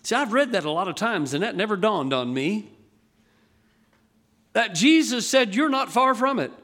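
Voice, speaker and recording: Guy preaching a sermon, bright tense voice, keeps asking the crowd "right?". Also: high voice, sing-song. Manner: folksy, emphatic, asks the congregation questions; reads scripture slowly in King James wording.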